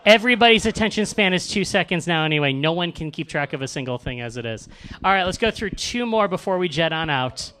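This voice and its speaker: A man's voice: a little high, expressive, fast, bright, forceful tone, a little hiss or hum. A man hosting a live comedy roast in a club, bantering with the crowd and mocking what he reads aloud. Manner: sarcastic, mock-reading lines aloud. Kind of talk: stand-up banter with the audience.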